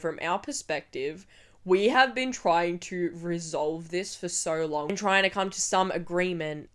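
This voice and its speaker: Young woman vlogger, fairly low voice, ranty and sweary storytelling. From Australia. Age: 20s. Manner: ranting, heavy swearing, animated. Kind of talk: storytime vlog.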